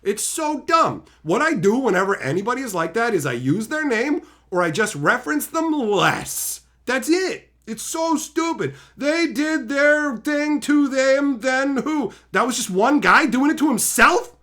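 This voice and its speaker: A man rants on his own channel, swearing constantly and dripping with sarcasm. His voice sits fairly high and leaps up and down as he gets worked up. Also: sing-song, normal speed, hardly any pauses, pushed and bright. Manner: mocking voices of imagined critics. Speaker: channel host. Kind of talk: profane opinion rant.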